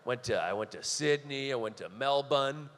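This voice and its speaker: A man's voice: medium pitch, normal speed, a bit bright, clean tone, big-room sound, voice pushed down, natural voice. A man voicing a laid-back male friend who talks in an easygoing, matter-of-fact way. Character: laid-back young male buddy back from a trip.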